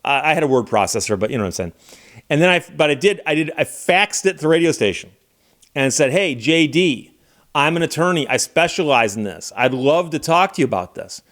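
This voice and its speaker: A man's voice: fairly high pitch, fairly quick. A middle-aged man from Michigan, telling a casual story as a channel host and acting out the dialogue of the people in it. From Michigan, USA. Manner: animated anecdote-telling, acting out quoted dialogue.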